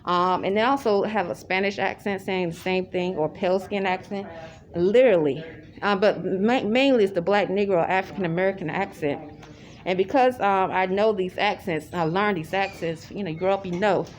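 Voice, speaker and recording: A woman's voice: medium pitch, moderate pace. A woman talking casually to the camera in a rambling, repetitive way, with many restarts. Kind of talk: casual spoken monologue. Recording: loud crowd chatter behind.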